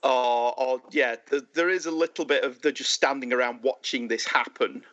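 A man co-hosting a casual movie discussion, thoughtful and measured with dry humor. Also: medium pitch, fairly even intonation, fairly bright tone, lo-fi sound. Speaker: podcast co-host.

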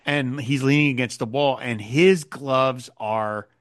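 Man, podcast co-host, casual chat, lively retelling, mid-pitched voice. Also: measured pace, dry recording, clean studio sound. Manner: animated retelling, quotes scenes in character. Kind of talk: casual chat recapping a TV episode.

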